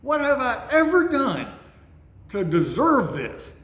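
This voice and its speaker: Man playing a wronged talking donkey: pleading, high-pitched, echoey space. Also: wildly swooping pitch, takes it slowly, exaggerated voice. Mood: aggrieved pleading. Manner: high, loud, aggrieved pleading. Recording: echoey room, faint noise.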